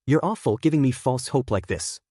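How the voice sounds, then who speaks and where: A man's voice: mid-range voice, lively intonation, brisk, warm tone, no room sound, lightly acted. Man voicing an anxious, hurting teenage boy villain.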